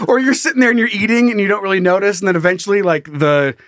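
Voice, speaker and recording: A man's voice: sits high, fast, no room sound, studio quality. A man co-hosting a comedy podcast, telling a story with lots of laughter, swearing and acted-out voices. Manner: animated storyteller, acts out voices and shouts, laughs a lot, swears freely. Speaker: podcast co-host. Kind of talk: casual comedic chat.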